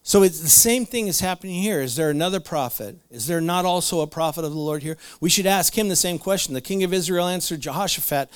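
A man's voice: a little high, fast talker, hardly any pauses, clean tone, no echo. A man preaching a conversational sermon, retelling Bible stories with playful asides and laughs. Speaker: pastor.

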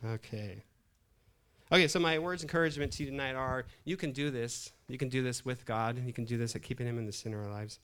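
A middle-aged man preaching from the pulpit tells a funny story in a smooth, medium-pitched voice at a quick pace. He is an animated storyteller, and his frequent laughs run through this humorous sermon.

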